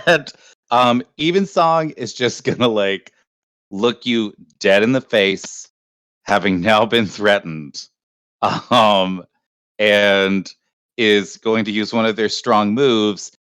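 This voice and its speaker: A man narrating as game master in a tabletop game, in a relaxed, giggly way. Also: on the low side, takes it slowly, clean tone, dry recording.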